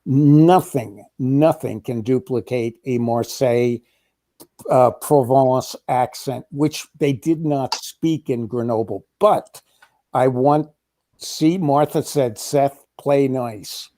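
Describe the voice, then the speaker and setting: A man in a casual political chat, talking in a wry, measured, sardonic way. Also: medium pitch, dark tone. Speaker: co-host.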